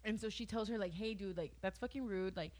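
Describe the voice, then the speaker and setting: A woman's voice: mid-range voice, a little fast, a little mellow. A young woman in her twenties chatting casually as a podcast co-host, telling stories with lots of filler words and easy laughter. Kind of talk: casual chat.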